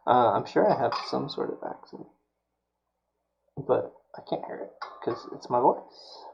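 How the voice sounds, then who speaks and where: A man's voice: medium pitch, unhurried, creaky, a little mellow, lo-fi sound. A man streaming while he builds a prop, talking casually and muttering to himself, with mild self-scolding as things go wrong.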